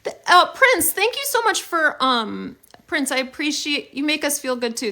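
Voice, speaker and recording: A young woman talks casually on a phone livestream, her tone bright and clear. Her pitch rises and falls a lot as she chats and thanks viewers. She fills the gaps with "um" and "like". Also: sing-song, normal speed, hardly any pauses. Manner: chatty and upbeat, thanking viewers with many fillers. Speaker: livestream host.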